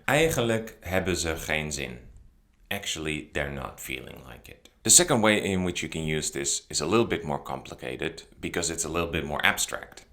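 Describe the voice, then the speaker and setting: A man with a Dutch accent, a native Dutch speaker, calmly explaining a language lesson and acting out example sentences. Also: sits low. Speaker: language teacher.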